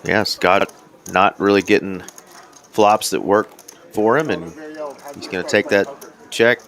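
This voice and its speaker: A man's voice: fairly low pitch, a little slow. A man co-commentating a live poker game in an easygoing way, reading out viewer messages. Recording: loud card-room crowd behind. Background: crowd chatter of a card room.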